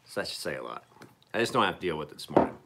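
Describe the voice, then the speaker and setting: A man's voice: a bass voice, very animated, very fast, vocal fry, background noise. A man in his forties from Appalachian Pennsylvania, chatting casually on a live stream in a rambling, profane and joking way. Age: 40s. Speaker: knife-sharpening streamer.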